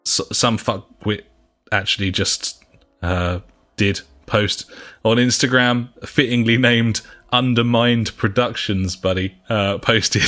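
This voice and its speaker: A man's voice: fairly low pitch, fairly bright tone. A man, co-hosting a gaming podcast, reading news in a sarcastic, sweary way with lots of ums, recorded on a home laptop mic. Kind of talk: casual news chat. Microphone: home laptop and microphone.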